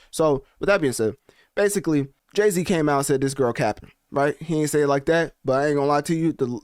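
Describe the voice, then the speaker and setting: A man hosting a casual commentary video, talking in an animated, slangy and rambling way. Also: mid-range voice, no echo, clean studio sound. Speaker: commentary channel host.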